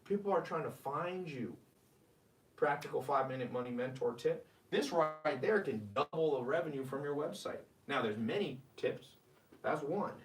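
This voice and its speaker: A man's voice: fairly high pitch, expressive, normal speed, roomy sound, recorded from a distance. A man hosting a live-streamed money advice talk. He talks with energy and reads viewer comments aloud. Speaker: host.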